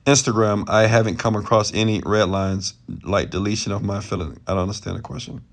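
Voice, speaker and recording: A man's voice: fairly low pitch, fairly quick. A man hosting a late-night live question-and-answer stream from his bed, talking loosely and passionately and often raising his voice. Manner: loose, rambling, off the cuff. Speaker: entrepreneur and mentor, stream host. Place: lying in bed at home at night.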